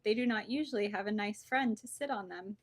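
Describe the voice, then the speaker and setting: A woman voicing a calm, matter-of-fact female vole in a storybook reading. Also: mid-range voice, a little fast, no echo, close to an everyday voice.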